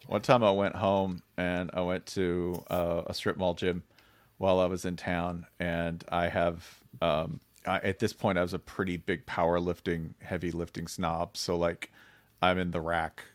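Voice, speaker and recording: A man chatting as a podcast guest, telling stories in an animated, wry way. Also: low voice, a little slow, no echo. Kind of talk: casual podcast chat.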